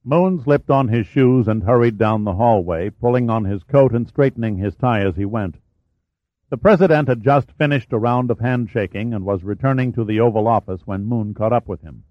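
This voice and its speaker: A man giving a steady, measured audiobook narration. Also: mid-range voice, no room sound, muffled recording. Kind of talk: scripted narration.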